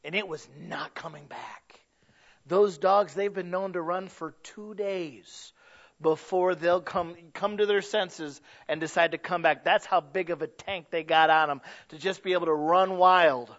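High bright-voiced preacher, lo-fi sound. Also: male voice. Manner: rises to loud emphatic preaching. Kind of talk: sermon. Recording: dull lo-fi recording.

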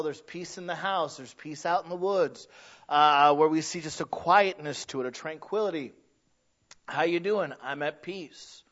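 A man preaching a conversational sermon, earnest and emphatic at times, hushed at others. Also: on the high side, lo-fi sound.

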